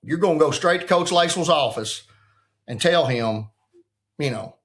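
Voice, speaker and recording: Lively folksy older male storyteller. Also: fairly high pitch, normal speed. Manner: folksy, acts out the quotes of others. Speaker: retired football coach, guest. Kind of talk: casual storytelling chat.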